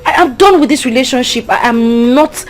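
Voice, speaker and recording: A woman's voice: sits high, moderate pace, soft background music, close to an everyday voice. An actress with a Nigerian accent playing a young woman fed up with her hot-tempered boyfriend. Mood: indignant. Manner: indignant, emphatic.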